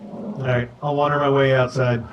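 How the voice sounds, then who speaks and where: A man's voice: mid-range voice, level tone, normal speed, muffled recording, slight background noise. A man playing in a tabletop game who jokes and speaks casually in character. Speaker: player.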